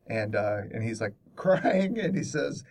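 A man co-hosting a podcast in casual chat, rambling with halting restarts. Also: mid-range voice, sing-song, a little mellow, distant mic. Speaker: podcast co-host.

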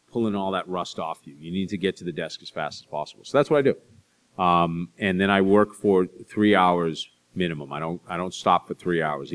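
A middle-aged man, an author, answering audience questions with chatty, self-deprecating stories and quick asides. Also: sits low. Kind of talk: live Q&A storytelling.

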